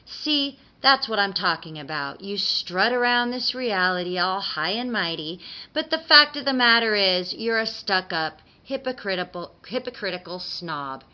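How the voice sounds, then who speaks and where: A woman's voice: medium pitch, lively intonation, normal speed. A woman voicing a cruel, foul-mouthed male imp with a tail and a cane, snarling and mocking, on a dull lo-fi recording. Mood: menacing. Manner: snarling, mocking, shouting threats.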